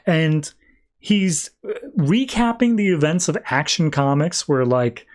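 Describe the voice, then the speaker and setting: Animated man recapping comics. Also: on the high side, unhurried. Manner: animated, acts out characters. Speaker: podcast host.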